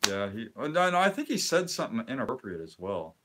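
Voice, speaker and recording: A man's voice: mid-range voice, very animated, fast talker, noisy background. A middle-aged man talks casually on a live stream, wandering from thought to thought. He restarts often and lets his sentences fade out before he finishes them. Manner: rambling, chatty, trails off mid-sentence. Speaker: co-host of a live card-collecting stream.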